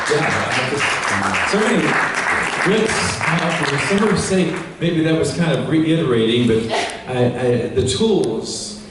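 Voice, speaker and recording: A man's voice: mid-range voice, slight background noise. A man presenting live to a seminar audience, folksy and instructive, talking through a handheld microphone over a PA while directing the sound tech. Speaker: presenter at a sales training event. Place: large echoing hall with an audience. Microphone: cordless handheld microphone over a PA. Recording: echoey hall recorded from far off.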